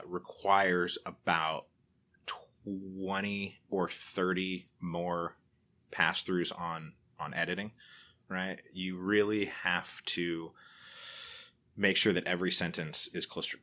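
A man's voice: deep voice, takes it slowly. A middle-aged man, a podcaster and author, talking casually in an interview, telling stories animatedly with many restarts. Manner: animated storyteller, acts out quoted people, frequent restarts.

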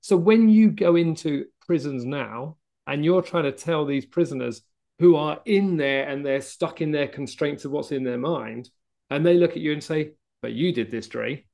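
A man's voice: a little high, moderate pace, creaky, dark tone. A man hosting an interview podcast, affirming his guest and summing up points with rhetorical tag questions. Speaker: podcast host. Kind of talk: casual interview chat.

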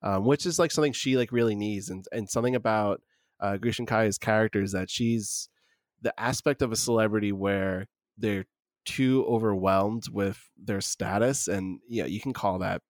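A man casually discussing an old film with a co-host, relaxed and full of filler words. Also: on the low side, moderate pace, no room sound, studio quality.

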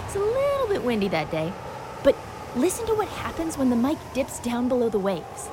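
Bubbly high-voiced woman hosting a kids' show. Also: a little fast, background noise. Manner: bubbly, playful and expressive. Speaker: show host. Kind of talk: scripted kids' nature show narration.

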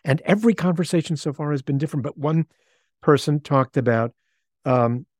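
A man hosting a podcast, speaking in thoughtful, measured phrases. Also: on the high side, darkish tone, no room sound, studio quality. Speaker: podcast host. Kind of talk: conversational interview.

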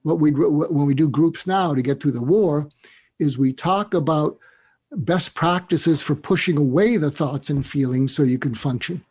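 A man's voice: a little high, a little slow, darkish tone, breathy edge. A man talking as a psychiatrist guest on an interview show, explaining ideas earnestly and step by step, reflective in tone. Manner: earnest, reflective, walks through steps one by one; emotional when recalling a mentor.

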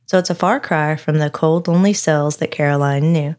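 A woman with a low-pitched, slightly mellow voice co-hosts a podcast at a brisk clip. She's chatty, narrating a story before slipping into casual banter.

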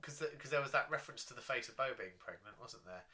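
A young man co-hosting a casual podcast chat, animated and laughing often, swearing freely. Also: medium pitch, fast talker. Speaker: podcast co-host.

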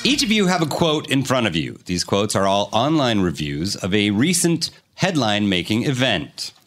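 A man's voice: lowish voice, sing-song, moderate pace. A man hosting a comedy news quiz, delivering scripted jokes with punch and laughing at his own lines. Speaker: quiz show host.

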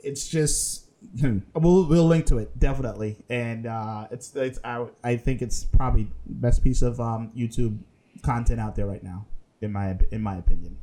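A man's voice: medium pitch, normal speed, dark tone. A man co-hosting a casual podcast, rambling and hesitant with lots of fillers and laughter. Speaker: podcast co-host.

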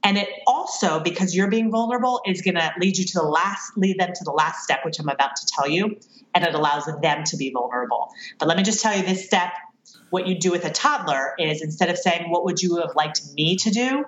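A woman appearing as a guest talks through parenting strategies with real earnestness, chuckling self-deprecatingly about where she's gone wrong. She speaks fairly quickly in a lowish voice, captured in roomy, muffled lo-fi audio.

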